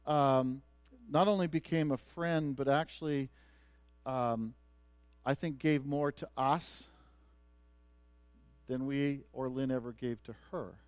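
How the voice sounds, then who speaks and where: A man's voice: a little high, darkish tone, dry recording. A man preaching a sermon as pastor, telling a story with many restarts and building to emphatic points.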